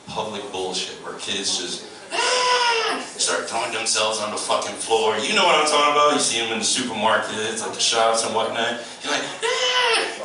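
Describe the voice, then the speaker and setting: Profane comic teasing an echoey crowd. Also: male voice, on the low side. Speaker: stand-up comic. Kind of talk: stand-up comedy set. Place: comedy club. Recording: echoey club from far off with room noise.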